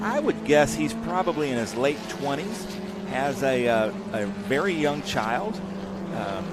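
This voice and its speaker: Brief: male live race commentator, conversational, over noisy track sound. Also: medium pitch. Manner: chatty, reads out viewer greetings. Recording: steady noise in background.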